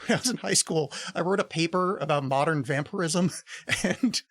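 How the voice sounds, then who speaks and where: A man's voice: fairly high pitch, normal speed, a bit bright, dry recording. A middle-aged man co-hosting a podcast, telling rambling stories in casual chat, laughing often and swearing freely. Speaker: podcast co-host.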